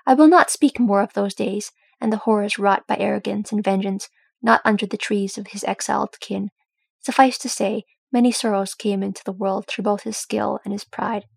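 A woman voicing a grim, weary ranger who speaks in a grave, measured way. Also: mid-range voice, steady tone, gravelly, a little mellow, husky, no echo.

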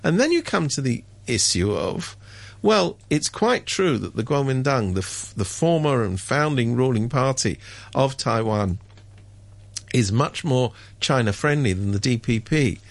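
Brief: sardonic male radio commentator, gravelly, lively pitch, dry studio sound. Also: measured pace, no echo. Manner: wry, sardonic, mimics others with sudden high pitch jumps. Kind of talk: casual radio chat.

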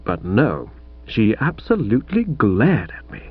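A man's voice: lowish voice, huge pitch swings, unhurried, husky, dry recording. A man narrating a comic first-person novel with wry, mock-grand storytelling, in a slightly muffled audiobook recording.

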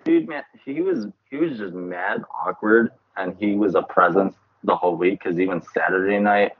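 A man co-hosting a podcast, an animated storyteller in casual chat who laughs and swears freely. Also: low-pitched, moderate pace, phone-quality sound. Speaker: podcast co-host.

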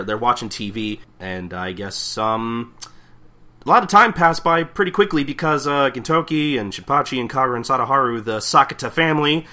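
A man's voice: medium pitch, bright, forceful tone. A man co-hosting a podcast, recapping a manga chapter in casual, rambling chat full of fillers and restarts. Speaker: podcast co-host.

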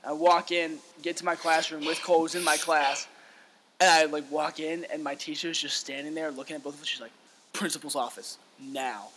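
A young man co-hosting a podcast, telling a story in casual chat, animated, swearing freely and acting out what people said. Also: a little high, fairly quick, slight background noise. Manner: animated, swears freely, acts out quotes, laughs often. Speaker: podcast co-host.

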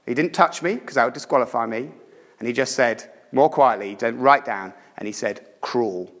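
A preacher with a mid-pitched voice delivers a sermon at a fairly quick pace, driving home his points through emphatic stories. He shifts between loud, urgent lines and quiet, intimate ones, his voice carrying the long reverb of a church hall.

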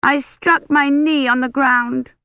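High slow little girl voice, whiny and stubborn, woman reading her, dull lo-fi sound. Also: fairly even intonation, dry recording. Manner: whiny, drawn-out pleading. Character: small tearful stubborn young girl. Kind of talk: audiobook character voice.

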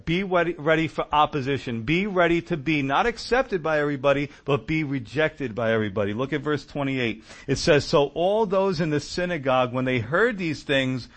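A man preaching a sermon, telling stories in a conversational, animated way. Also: fairly high pitch, moderate pace.

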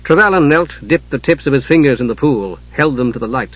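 A man reading an audiobook in a measured, dramatic narration, on a dull lo-fi recording. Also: mid-range voice, expressive, no echo.

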